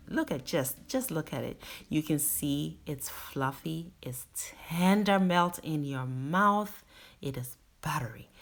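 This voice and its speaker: A woman hosting a cooking video, explaining each step of a recipe in an instructive way and stressing key words. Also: deep voice. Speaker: cooking channel host.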